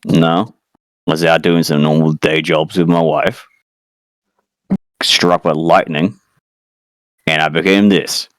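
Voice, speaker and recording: Brief: man playing a gravelly cursed fifty-something man, very deep and smooth, exasperated and weary. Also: level tone, takes it slowly, long pauses, no room sound. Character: gruff 51-year-old cursed man in a girl's body.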